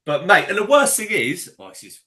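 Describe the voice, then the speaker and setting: A man co-hosting a podcast, telling animated, sweary stories in casual chat. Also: high voice, fairly quick. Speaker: podcast co-host and amateur footballer.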